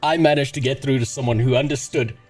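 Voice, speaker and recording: A man's voice: mid-range voice, fairly even intonation, quick pace, darkish tone, breathy edge. A man ranting and joking with heavy swearing, as the host of a casual livestream, over faint music. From South Africa. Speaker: streamer.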